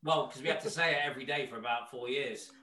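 A man's voice: medium pitch, quick pace, sharp tone, distant mic. A man in casual chat, joking and teasing, laughing often. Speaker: guest. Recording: roomy sound, away from the mic.

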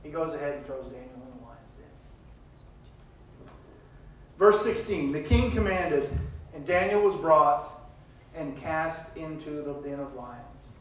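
A man preaching a sermon, reading scripture verses aloud and retelling them with big swings between loud and quiet. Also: fairly high pitch, expressive, slow pace, heavy reverb, distant mic, a little hiss or hum, rough recording.

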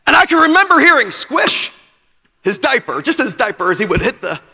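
A man preaching a sermon at a youth conference, telling a personal story with bursts of shouting at the climaxes. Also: very high-pitched, sing-song, brisk, vocal fry. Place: church auditorium. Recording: long reverb of a church hall.

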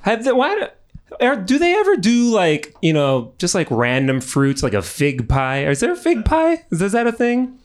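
A man's voice: high-pitched, wildly swooping pitch, normal speed. A man in his thirties doing crude, rambling improvised stand-up from audience suggestions, laughing at his own jokes on a club stage. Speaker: stand-up comedian. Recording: noisy live club recording.

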